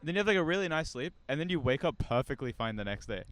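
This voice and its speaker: A man's voice: a little high, sing-song, fast, fairly bright tone, slight background noise. A young man chatting casually, explaining things with lots of fillers. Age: young adult. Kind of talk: casual chat.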